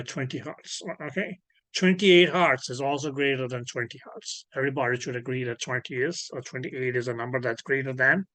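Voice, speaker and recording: A man lectures over a video call in a mid-pitched voice. He keeps pausing to ask whether everyone follows and corrects his own slips as he goes. The sound is dry and close. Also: a bit bright, dry recording. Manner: patient, checks understanding, frequent self-corrections. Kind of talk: online class teaching.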